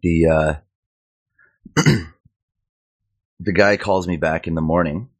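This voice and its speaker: A Canadian man in his thirties, speaking at a community hangout, tells a personal story in a low voice with fairly even intonation and a slow pace. He sounds agitated and exasperated, imitating the people he quotes.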